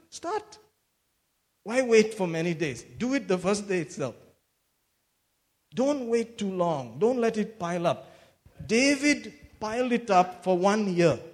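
High-voiced preacher in an echoey hall. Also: male voice. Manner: animated, swings between loud exclamations and hushed retelling. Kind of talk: sermon.

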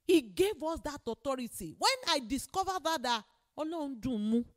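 A woman preaches in a high voice that swings widely in pitch. She is emphatic and repeats her key phrases. She often climbs into loud exclamations. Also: animated, normal speed. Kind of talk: sermon.

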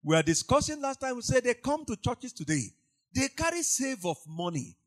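A man preaching a sermon in a high voice that leaps up and down. He repeats his lines for emphasis, sinking to soft asides and then rising to loud cries. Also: big pitch swings, moderate pace.

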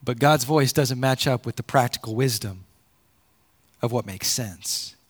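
A man preaching a sermon, repeating words as he builds a point and swinging between loud emphatic peaks and low quiet drops. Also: a little slow. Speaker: pastor.

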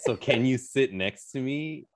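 A man's voice: mid-range voice, expressive, unhurried. A man telling a story casually as a podcast guest, rambling and self-mocking. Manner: rambling, self-mocking, many fillers and restarts.

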